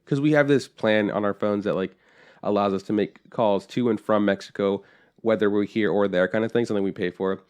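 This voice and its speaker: Low-voiced man telling a rambling story. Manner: rambling storyteller, swears freely, acts out family quotes. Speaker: podcast co-host. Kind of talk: casual chat.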